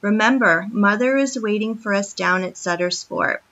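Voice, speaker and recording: A woman reading aloud gives voice to a weary pioneer father, calm and reassuring. His tone is gentle and steady, with a bright edge. The lo-fi recording sounds dull. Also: mid-range voice, normal speed, natural voice. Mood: tender.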